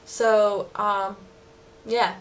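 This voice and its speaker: A woman's voice: mid-range voice, little pitch movement, very slow. A young woman teaching words in a casual lesson, chatty, laughing often and using many fillers. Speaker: language teacher vlogger. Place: living in Osaka.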